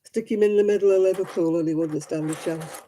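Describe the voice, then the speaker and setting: A man's voice: high-pitched, fairly even intonation, brisk, mellow, slight background noise. A man hosting a crafting livestream, chatting casually with viewers, laughing often and answering comments. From Manchester, England.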